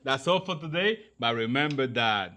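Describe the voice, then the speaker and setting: A man's voice: medium pitch, lively intonation, normal speed, bright, forceful tone. A man hosting a casual cooking and tasting video, exclaiming over the food in loose, non-standard grammar. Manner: enthusiastic, exclaiming over flavors. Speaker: cooking show host.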